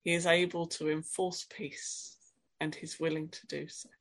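Woman preacher, lowish voice, reflective sermon delivery, asks gentle questions, reads scripture dramatically. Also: little pitch movement, moderate pace.

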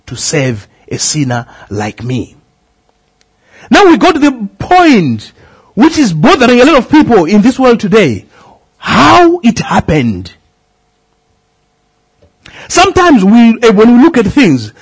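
A middle-aged man, a pastor preaching a sermon, calling out questions to the congregation with a husky voice. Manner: preaching with swooping pitch, calls to the congregation.

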